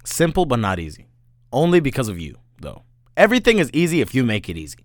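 A man's voice: mid-range voice, quick pace, no echo, studio quality. A man, a podcast guest, telling a story in casual chat and saying "bro" and "right?" again and again. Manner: animated, peppers speech with "bro" and "right?".

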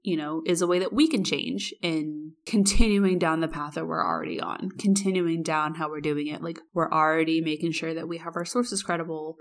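A woman's voice: deep voice, moderate pace, few pauses. A woman co-hosting a podcast in casual chat, talking earnestly with lots of "like" and "you know". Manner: earnest and chatty, many "like" and "you know" fillers. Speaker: podcast co-host.

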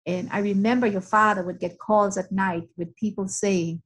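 A woman's voice: mid-range voice, steady tone, normal speed, breathy edge, low-quality recording. A middle-aged woman, a family friend, talking emphatically in casual conversation and repeating her points for weight.

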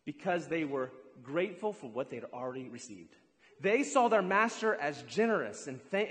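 A man preaching a lively sermon, drawing the congregation in and cheering them on. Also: high-pitched. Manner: energetic, hypes up the crowd. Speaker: pastor. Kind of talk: sermon with audience participation. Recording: long hall reverb.

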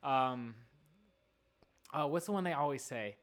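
A man's voice: medium pitch, expressive, unhurried, a bit bright. Rambling, giggly young-sounding man. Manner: rambling, says "like" constantly, giggly. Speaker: podcast co-host. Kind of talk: casual chat.

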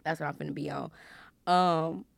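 Young female podcast host, playful Bible teacher, lower voice with some fry. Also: moderate pace, a little hiss or hum. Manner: animated, laughs loudly and often, playful preacher tone.

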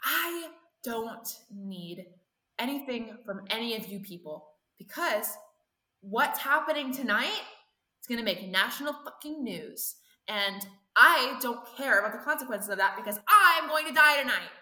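A woman's voice: fairly high pitch, lively intonation, a little slow, bright, forceful tone, roomy sound, full character voice. A woman voicing a defiant, fame-hungry teenage girl villain who swears and sneers in a tabletop game. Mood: scornful. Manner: cold, scornful, swearing.

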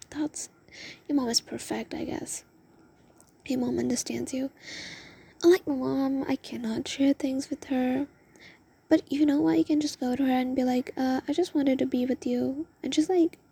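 A woman's voice: high-pitched, vocal fry, warm tone, breathy edge. A young woman telling a rambling, emotional story in a confessional vlog, often dropping into a whisper. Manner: rambling, emotional, lots of "oh my God". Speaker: vlogger.

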